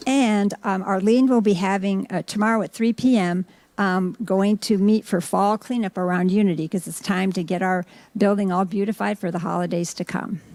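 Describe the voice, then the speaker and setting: A woman giving announcements at a church service, speaking haltingly with many ums and restarts. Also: mid-range voice, steady tone, a little mellow, no room sound.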